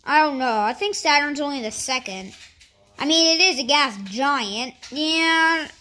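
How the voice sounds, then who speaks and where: A woman giving casual commentary over a space game, thinking aloud with lots of fillers and sudden excited outbursts. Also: sits high, measured pace. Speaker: gameplay commentator.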